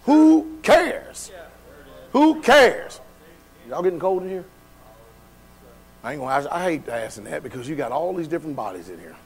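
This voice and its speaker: Man preaching a sermon, pastor, high-pitched voice, casual and colloquial, questions to the congregation, church sanctuary. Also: very animated, moderate pace, pauses often, breathy edge, rough recording. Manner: colloquial, laughs at his own remarks, shifts between loud and quiet.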